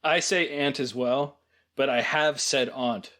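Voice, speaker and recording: A man in an easygoing podcast chat about a film, speaking in a measured way as he adds his own points and calmly disagrees. His pitch sits in an ordinary middle range. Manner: measured, adds points and gently pushes back. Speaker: podcast co-host.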